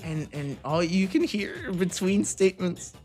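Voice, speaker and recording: A man's voice: high-pitched, lively intonation, a little slow, darkish tone, faint music behind. A young man streaming, chatting casually and rambling with frequent restarts and self-interruptions.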